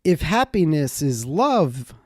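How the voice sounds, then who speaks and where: A man hosts a casual podcast with a lively, swinging delivery. He tells stories with emphatic, sometimes profane energy and jumps high in pitch when quoting people. The room sound is dry and close. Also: slow pace, no echo. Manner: animated storyteller, acts out quotes with big pitch jumps. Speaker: podcast host.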